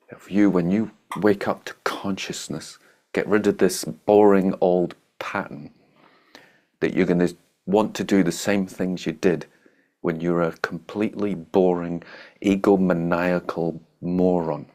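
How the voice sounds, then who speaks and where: Casting: man, very low voice, meditation teacher giving a loose, blunt, joking dharma talk. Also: fairly even intonation, a little slow, long pauses, darkish tone. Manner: blunt, joking, laughs at his own points. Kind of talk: informal spiritual talk.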